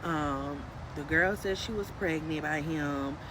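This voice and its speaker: A woman telling her own story in a casual, emphatic and animated way, talking straight to her viewers. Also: low voice, slow pace. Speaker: storyteller in a played clip. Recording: street noise with passing vehicles.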